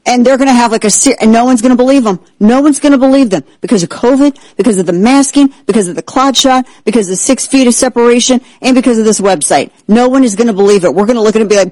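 A man hosting a talk show, excitable and sarcastic, who keeps breaking into exaggerated impressions. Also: very high voice, fast talker, few pauses, dry recording, low-quality recording. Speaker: host. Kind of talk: animated political talk show banter.

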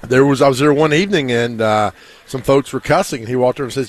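A man's voice: medium pitch, fast. A man hosting a casual sports radio show, telling stories and teasing his co-host.

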